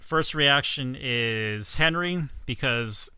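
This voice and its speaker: A man's voice: mid-range voice, expressive, slow, sharp tone, smooth, no room sound. A man co-hosting a casual podcast, chiming in with short dry remarks. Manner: short dry interjections, laughs along. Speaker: podcast co-host.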